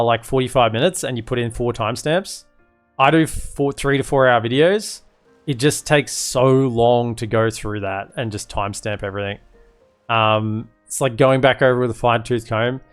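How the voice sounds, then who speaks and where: A man's voice: mid-range voice, clear, resonant tone. A man casually commentating his live strategy game stream, rambling and chatty with lots of fillers.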